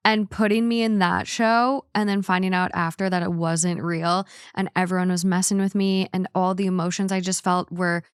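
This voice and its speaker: A woman hosting a podcast in casual chat, animated and upbeat, laughing easily. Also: on the low side, normal speed, hardly any pauses, smooth, no room sound, clean studio sound. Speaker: podcast host.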